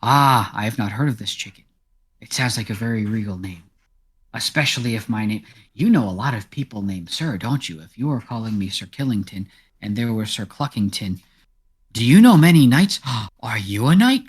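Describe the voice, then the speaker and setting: A man voicing a proud, chatty male cat who guides the party and tells dramatic stories in a high, excitable voice. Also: moderate pace, slightly rough. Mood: curious. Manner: high excitable voice, gasps and exaggerated chicken noises.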